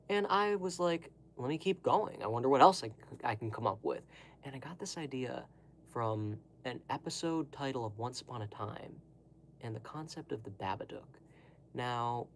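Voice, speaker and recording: Young man, gravelly voice, casual monologue, rambling, digressive, faint background noise. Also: mid-range voice. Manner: rambling, digressive, with many fillers and asides. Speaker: vlogger.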